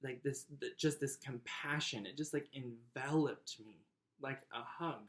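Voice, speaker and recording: A man narrating his personal memoir in a chatty, warm way, with frequent fillers and light laughs. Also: medium pitch, unhurried, roomy sound. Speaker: memoir author.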